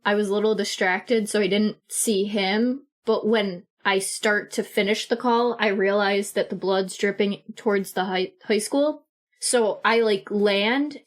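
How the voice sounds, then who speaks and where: A woman talks through her turn in a tabletop game with playful, offhand remarks. Her voice sits in a middle pitch. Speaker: player. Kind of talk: casual tabletop play.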